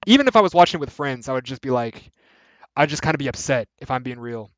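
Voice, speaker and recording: A man's voice: mid-range voice, animated, fast talker, dry recording. A young man hosting a video, giving rambling, filler-heavy, profane opinions in casual commentary. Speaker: video essay host. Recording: dry, slightly dull lo-fi audio.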